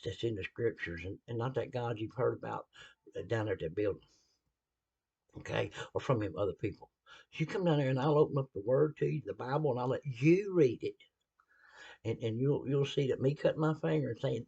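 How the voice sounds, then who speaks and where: A Southern man speaks in a casual, preachy style, folksy and blunt, dropping laughing asides as he talks. His voice is gravelly and a bit husky, and his pitch swings around animatedly. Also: darkish tone, highs cut off. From American South. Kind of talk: casual sermon-style talk.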